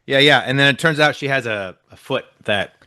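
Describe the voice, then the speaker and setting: A man's voice: medium pitch, a little fast, bright, forceful tone, clear, resonant tone, dry recording, studio quality. Rambling man co-hosting a podcast, just woken up. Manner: rambling, self-interrupting, jokey. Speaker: podcast co-host. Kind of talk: casual chat.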